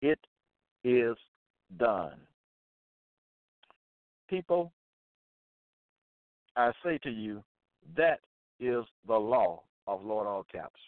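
A man preaching and reading Bible verses aloud, repeating phrases emphatically and deliberately. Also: fairly low pitch, lively intonation, no room sound. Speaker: Bible teacher. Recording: dry tinny phone-like sound.

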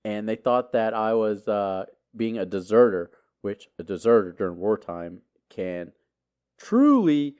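A man's voice: lowish voice, very animated, unhurried, darkish tone, clean tone. A middle-aged man, a podcast host telling a long personal story in a casual, rambling way, full of filler words and restarts. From Texas.

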